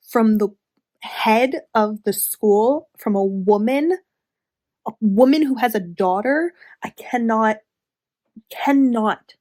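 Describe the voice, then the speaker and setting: Slow, heated woman book vlogger. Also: mid-range voice, a little mellow. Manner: heated, emphatic, sighing. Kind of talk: casual book review vlog.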